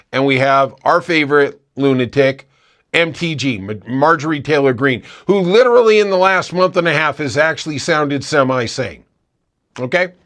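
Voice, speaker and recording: A man's voice: a little high, fairly bright tone. A man hosting a political podcast, delivering opinionated commentary with sarcastic, mocking asides.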